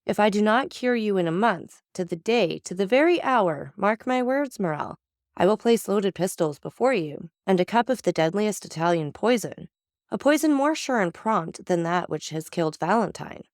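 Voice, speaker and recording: A woman's voice: medium pitch, animated, moderate pace, no echo, studio quality, natural voice. A woman voicing a mysterious, commanding nobleman in a storybook reading, solemn and persuasive.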